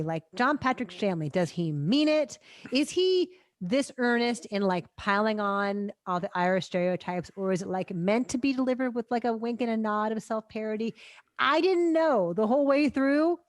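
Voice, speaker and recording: A woman co-hosting a film review podcast, talking in a casual, sarcastic and animated way with frequent laughs. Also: on the high side, normal speed, no echo, studio quality. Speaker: film critic podcast co-host.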